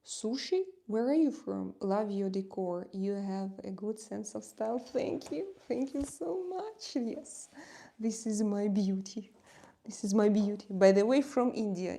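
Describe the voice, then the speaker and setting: A woman with a Russian accent chatting casually on a live stream, reading viewer comments with halting pauses and many fillers. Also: mid-range voice, steady tone, mellow, slight background noise. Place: home in Spain.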